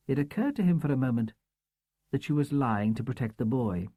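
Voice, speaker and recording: A man narrating a crime novel audiobook in a measured, expressive storytelling manner. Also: medium pitch, no room sound. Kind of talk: scripted narration.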